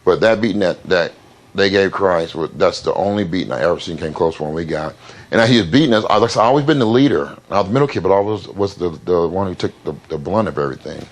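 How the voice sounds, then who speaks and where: A man in an interview, speaking plainly and haltingly about his past, with many fillers and repeated words. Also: low-pitched. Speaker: interview guest. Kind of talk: candid interview storytelling.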